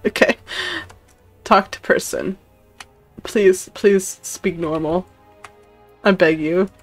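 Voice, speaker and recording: A woman's voice: fairly low pitch, slow pace, faint music behind. A woman streaming a video game, chatting casually in a playful, giggly way and reading game text aloud. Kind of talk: casual gameplay commentary.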